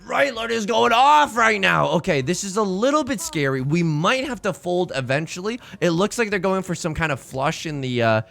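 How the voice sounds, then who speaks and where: Male streamer, casual game commentary, rambling jokes, bright sharp tone, faint music behind. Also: sits high, big pitch swings, normal speed, creaky, hardly any pauses. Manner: jokey, rambling, repeats his own phrases; greets chat by name mid-sentence. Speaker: live streamer.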